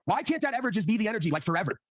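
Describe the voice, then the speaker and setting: Guy ranting on his stream panel super fast, swears a lot, keeps going "right?", dry sound. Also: high voice, big pitch swings, no echo. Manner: blunt, profane, repeats tag questions. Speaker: livestream panel host. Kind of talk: casual ranting talk.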